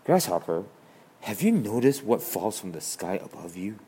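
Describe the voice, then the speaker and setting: A man's voice: lowish voice, sing-song, moderate pace, mellow, husky, exaggerated voice. A man doing a stern lecturing ant. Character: serious hardworking male ant, stern and lecturing.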